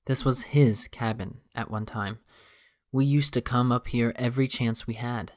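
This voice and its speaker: A man reading a quiet, gentle grown man's lines in a subdued, soft tone, with little change from his own voice. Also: medium pitch, fairly even intonation, moderate pace, no room sound, natural voice. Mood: reminiscing.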